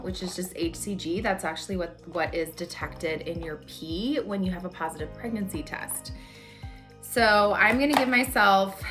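A woman's voice: lowish voice, fairly bright tone. A woman in her thirties talking candidly to camera in a personal vlog at home, chatty and full of "like". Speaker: vlogger.

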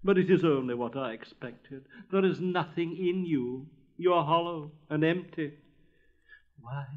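A man's voice: high voice, lo-fi sound, close to an everyday voice. A man voicing a vain, pompous male firework rocket with a haughty, theatrical manner. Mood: self-pitying. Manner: haughty, self-pitying, theatrical.

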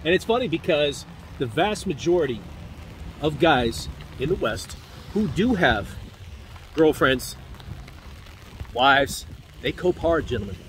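A man's voice: fairly high pitch, slow pace, pauses often. Guy ranting into his phone walking outside, kinda preachy and all over the place, light traffic behind. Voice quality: animated, preachy, rambling, asides and laughs. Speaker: vlogger and men's dating commentator. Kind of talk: walking outdoor commentary vlog. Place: outdoors on a street in the rain.

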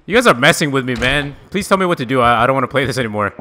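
A man's voice: medium pitch, sing-song, a little fast, few pauses, sharp tone, a little hiss or hum. A man streaming a horror game live, talking to his chat, swearing often and shrieking when startled. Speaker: gaming streamer. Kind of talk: live gameplay reaction.

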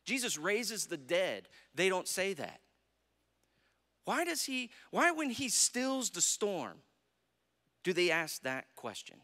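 A man's voice: sits high, sing-song, slow pace, pauses often, sharp tone. A man with an American accent preaching a sermon, telling a Bible story and acting out its quotes. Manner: storytelling preacher, acts out quotes, asks "right?". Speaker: pastor. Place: church sanctuary. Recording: long hall reverb.

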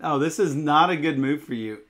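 A man's voice: a little high, brisk, fairly bright tone, slight background noise. A man playing a board game on a livestream, teasing his co-host playfully and thinking his moves through aloud. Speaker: co-host and fellow player. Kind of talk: casual livestream chat while playing.

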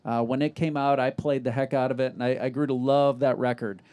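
A middle-aged man telling animated stories on a live festival stage, acting out the dialogue he quotes. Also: medium pitch, brisk, clear, resonant tone. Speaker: interview guest. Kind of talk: storytelling in a live festival interview.

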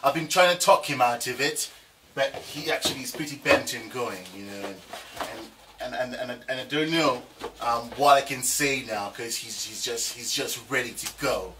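A man from Zambia narrating a comedy skit, stumbling and repeating his words, recorded from a distance. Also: mid-range voice. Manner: halting, repeats words, mixes languages. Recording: distant mic with faint background noise.

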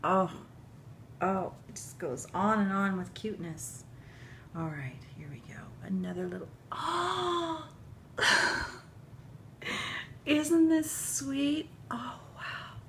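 A middle-aged woman unboxing handmade baby clothes for her video channel, gushing and tearful, often dropping to a breathy whisper. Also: lowish voice, a bit bright, a little hiss or hum. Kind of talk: emotional unboxing chat to camera.

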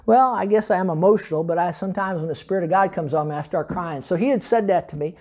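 A man's voice: high-pitched, brisk, darkish tone. A man preaching a sermon as pastor, telling personal testimony stories with emphasis and occasional laughter. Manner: storytelling, emphatic, laughs between points.

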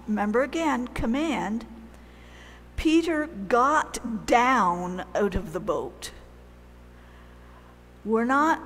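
A woman preaching a sermon in a church, telling the story in a conversational, animated way with pauses. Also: medium pitch, husky, in a large hall.

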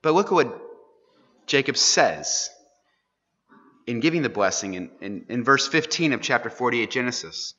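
A man's voice: medium pitch, lively intonation, moderate pace, long pauses, pushed and bright. A man teaching an earnest, sermon-style Bible class, pressing his listeners with rhetorical questions. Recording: dull, echoey hall recording.

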